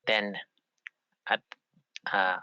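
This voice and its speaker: A man voicing a clawed female warrior for a tabletop game, speaking in a formal, courteous, measured way. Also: lowish voice, little pitch movement, bright, forceful tone, clean tone, dry recording, muffled recording, heavily acted.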